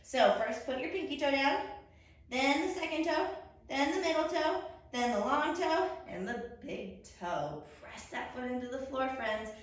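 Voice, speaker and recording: A woman's voice: sits high, expressive, a little slow. A young woman leading a children's yoga story time, upbeat and encouraging, with sing-song sound effects. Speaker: kids yoga instructor. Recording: echoey room, distant mic.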